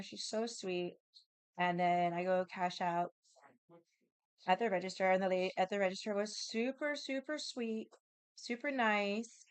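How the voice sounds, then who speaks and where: A woman's voice: mid-range voice, clean tone, dry recording. A woman casually telling a rambling story about her day as a vlogger, with lots of filler words.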